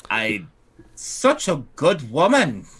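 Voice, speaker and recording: A man's voice: mid-range voice, huge pitch swings, extremely slow, a bit bright, breathy edge, exaggerated voice. A man voicing an eccentric, reclusive old woman with a brogue in a tabletop game. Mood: gruff.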